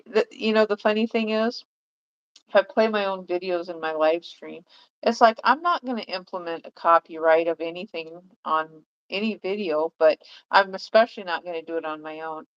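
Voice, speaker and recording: A woman's voice: fairly low pitch, moderate pace, clean tone, muffled recording. A woman chatting on a livestream in a rambling way, full of fillers and restarts. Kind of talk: casual livestream chat.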